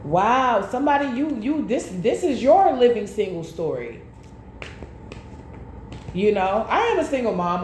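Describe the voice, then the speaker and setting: Animated woman in an echoey room. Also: fairly high pitch, measured pace, pauses often. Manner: animated storytelling with slang. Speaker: tarot reader. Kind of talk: casual chat. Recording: echoey room with faint noise.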